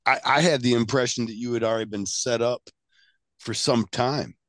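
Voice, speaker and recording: A man hosting a casual podcast conversation, asking relaxed questions and filling in with short replies. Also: medium pitch, moderate pace, dry recording. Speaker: podcast host.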